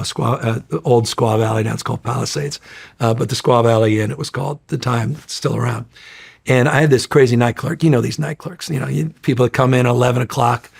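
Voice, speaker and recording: A middle-aged man talks in a gravelly, husky voice at an average pitch. He tells stories in a loose, profane, animated way and puts on loud voices for the people he quotes. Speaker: interview guest. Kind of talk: casual storytelling chat.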